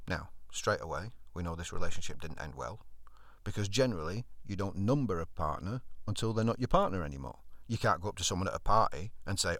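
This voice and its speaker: Animated male comic storyteller. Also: low-pitched, brisk, no room sound, studio quality. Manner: animated, conversational, builds to punchlines. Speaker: stand-up comedian.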